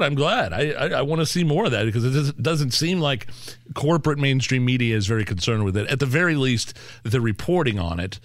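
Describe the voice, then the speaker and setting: A man's voice: medium pitch, expressive, fairly quick, no room sound, studio quality. A man co-hosting a political talk show, sarcastic and exasperated, often stumbling and repeating words. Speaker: co-host.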